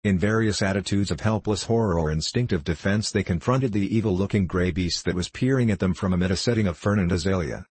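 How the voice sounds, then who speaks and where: A man narrating a story in a measured, even way. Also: low-pitched, breathy edge, dry recording. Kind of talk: scripted audiobook narration.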